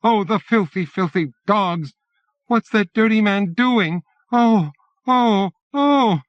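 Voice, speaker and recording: A man's voice: high voice, slow pace, no room sound, voice pushed up. A man reading an audiobook, voicing a frightened little boy on a refugee boat, whining and peevish. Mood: shrieking. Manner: peevish, wailing. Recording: dull lo-fi cassette.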